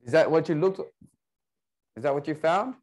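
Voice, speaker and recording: A man teaching an Arabic class online, playful and coaxing, repeating words slowly for his students. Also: fairly high pitch, animated, darkish tone.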